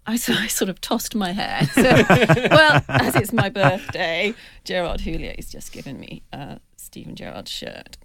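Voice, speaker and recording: A woman's voice: fairly low pitch, normal speed, vocal fry, hardly any pauses, a crowd in the background. A middle-aged woman, a football writer on a podcast panel, telling a long anecdote with relish and acting out the voices of the people in it. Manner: lively storyteller who acts out quoted voices.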